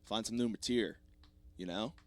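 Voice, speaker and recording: A man's voice: lowish voice, moderate pace. A man in his thirties hosting a solo comedy podcast, ranting in a profane, rambling, self-mocking way with a slightly sore voice. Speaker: podcast host.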